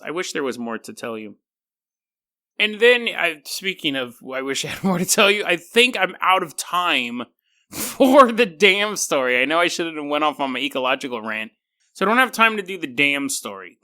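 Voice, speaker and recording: Bright, animated podcast host rambling. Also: male voice, on the high side. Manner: animated, rambling, laughing storyteller. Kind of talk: casual podcast monologue.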